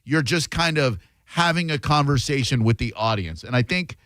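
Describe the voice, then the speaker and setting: Male radio host, storyteller, lively delivery, dry studio sound. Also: medium pitch, moderate pace, dry recording. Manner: animated, does voices in his stories.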